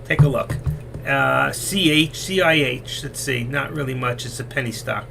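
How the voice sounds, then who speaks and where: Gravelly man chatting on a trading stream. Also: medium pitch, fairly even intonation, normal speed, over music. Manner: rambling, candid, confiding to viewers. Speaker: trading livestream host. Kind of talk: casual live-stream chat over stock charts.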